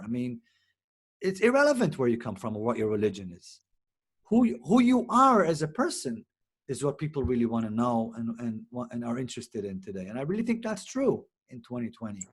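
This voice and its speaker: A man's voice: fairly high pitch, slightly rough. A man from Israel, a native Hebrew speaker, talking animatedly as an actor and director being interviewed, often restarting his sentences. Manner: animated, expressive, many restarts. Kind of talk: casual interview conversation.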